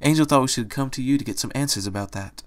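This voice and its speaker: A timid, gentle young mare, as a man reads her, hesitant and soft-spoken. The voice is quiet and barely lifted above his own mid-range tone. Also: medium pitch, quick pace, lightly acted. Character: timid, gentle young female pony turned rabbit.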